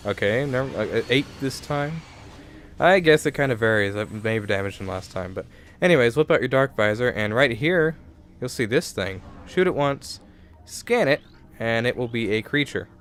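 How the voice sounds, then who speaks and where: A man's voice: mid-range voice, animated, normal speed, a bit bright. A young man giving casual let's play commentary into a desk microphone, rambling and correcting himself as he thinks aloud.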